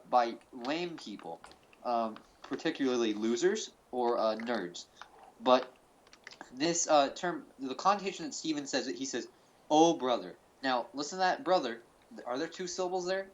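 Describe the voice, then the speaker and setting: A man's voice: mid-range voice, slight background noise, low-quality recording. A man hosting a mock-serious fan-theory presentation over a call. He rambles, with lots of fillers and restarts. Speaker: host. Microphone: call recording.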